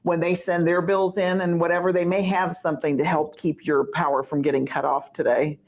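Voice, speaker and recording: A woman's voice: on the low side, little pitch movement, a little fast, darkish tone. A woman on a sales panel, talking in a chatty way with many fillers. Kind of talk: panel discussion.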